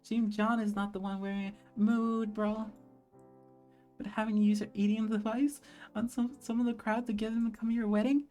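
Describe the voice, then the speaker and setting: Joking, animated woman streamer. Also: fairly high pitch, fairly quick, soft background music. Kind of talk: casual gameplay commentary.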